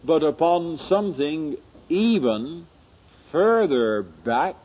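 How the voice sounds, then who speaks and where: Slow husky preacher man, dull old recording. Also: fairly high pitch, animated. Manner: slow, dramatic oratory with rising emphasis. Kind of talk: sermon.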